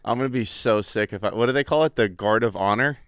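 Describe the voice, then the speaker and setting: A man hosting a casual podcast chat, running segments briskly. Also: lowish voice, fairly bright tone, clean tone, no room sound. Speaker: podcast host.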